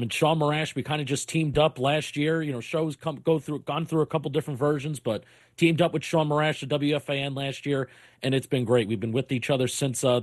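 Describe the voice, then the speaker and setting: A man who co-hosts a sports podcast, plugging it in a relaxed way with loose phrasing. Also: mid-range voice, no room sound, clean studio sound. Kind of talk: casual plug for his show.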